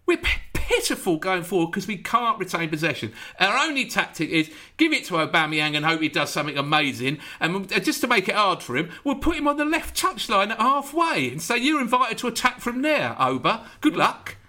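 A man with a high, bright voice that leaps all over the place as he rants about his team. He keeps firing off sarcastic rhetorical questions in casual podcast chat. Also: sing-song, a little fast, few pauses. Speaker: podcast host.

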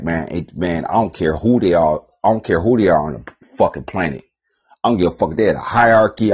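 A man hosting a podcast, ranting in a profane, rambling monologue, repeating himself and swinging between loud bursts and mutters. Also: low voice, breathy edge. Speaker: podcast host. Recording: dull lo-fi podcast recording.

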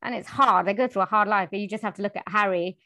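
A British woman, a voice-over artist, chatting as a guest in a remote interview, lively and talkative. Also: medium pitch, fast, no echo. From United Kingdom. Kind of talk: casual interview chat. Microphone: remote call.

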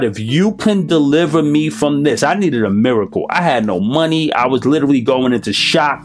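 A man giving a personal recovery testimony, emphatic and repetitive, in a streetwise storytelling manner. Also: fairly high pitch. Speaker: recovery speaker.

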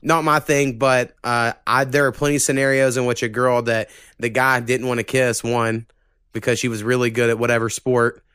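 A man's voice: mid-range voice, level tone, normal speed, a bit bright, clean tone, no room sound. A young man hosting a podcast in loose, profane casual chat, rambling with lots of fillers into a close mic. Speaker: podcast host.

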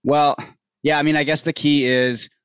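A man's voice: on the high side, flat delivery, normal speed, a bit bright, smooth, dry recording. Teasing podcast man, dry sound. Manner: teasing, hesitant, restarts a lot. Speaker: podcast co-host. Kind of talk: casual chat.

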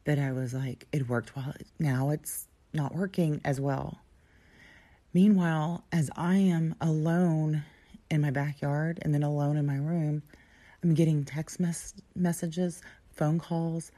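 A woman telling a personal story in an intimate way, often dropping to a breathy near-whisper. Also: low voice, steady tone, a little slow, dark tone. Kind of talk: personal story told aloud.

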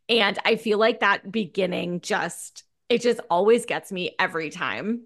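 A woman's voice: mid-range voice, measured pace, hardly any pauses, a bit bright. A woman co-hosting a casual film talk, chatty and full of fillers and restarts. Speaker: podcast co-host.

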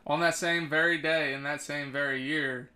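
Male podcast host, bright and a little high, casual and profane. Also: steady tone, normal speed. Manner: casual, profane, steers the topics. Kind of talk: casual chat.

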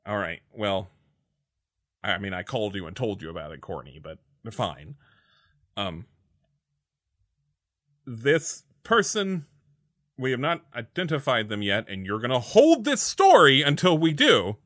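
A man's voice: on the low side, a little slow, long pauses, no room sound, clean studio sound. A man playing in a tabletop role-play, speaking in character in an exasperated way. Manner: exasperated, lively, laughing often. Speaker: player.

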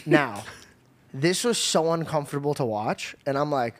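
Animated young man telling a story. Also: on the high side, measured pace. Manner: animated, laughs often, restarts. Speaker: podcast host. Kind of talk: casual storytelling chat.

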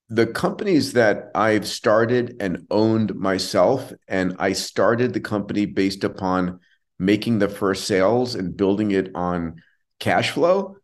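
A male podcast host with a very low voice. He explains ideas earnestly, in a conversational way, and affirms his guest often. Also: takes it slowly.

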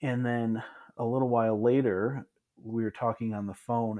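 A man in his thirties from Michigan, a podcast guest telling his story in a relaxed, reflective way, with frequent restarts and asides. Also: medium pitch, normal speed. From Michigan, USA. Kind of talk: casual storytelling in an interview.

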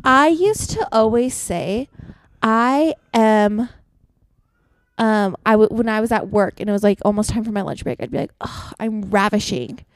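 A woman's voice: fairly high pitch, normal speed, no echo. A woman co-hosting a podcast in casual chat, telling stories and acting out what others said. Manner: chatty storyteller, acts out quoted lines. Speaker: podcast co-host. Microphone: podcast microphone.

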